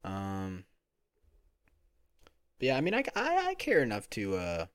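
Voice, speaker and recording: A young man with a very low, deep voice hosts a casual solo podcast from home. He rambles and second-guesses himself, piling up fillers and restarts. The sound is close and dry, with no room around it. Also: wildly swooping pitch, measured pace, clear, resonant tone, dry recording. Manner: rambling, self-conscious, full of fillers and restarts. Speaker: podcast host. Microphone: home recording mic.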